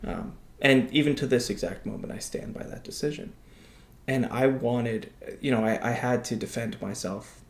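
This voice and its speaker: Gravelly, blunt-spoken man in an echoey room. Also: medium pitch, moderate pace. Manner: blunt, profane, animated. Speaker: podcast co-host, veteran. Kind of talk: casual chat.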